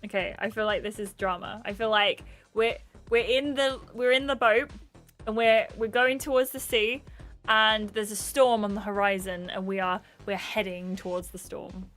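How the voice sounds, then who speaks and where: A woman's voice: mid-range voice, fairly even intonation, normal speed, a bit bright, faint music behind. Gushing young woman streaming a game. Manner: chatty, gushing, rambling asides. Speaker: gaming streamer. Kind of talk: casual live game commentary.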